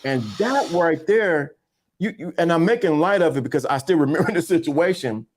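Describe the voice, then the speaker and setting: A man, co-hosting a podcast and telling stories while he acts out the voices of the people in them. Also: a little high. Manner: animated storyteller acting out voices. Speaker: podcast co-host. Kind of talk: casual storytelling chat.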